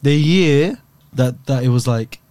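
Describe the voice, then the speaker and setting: A man's voice: medium pitch, unhurried, warm tone. A young man in a casual podcast chat, eagerly telling stories and using plenty of slang. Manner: eager storyteller, uses slang.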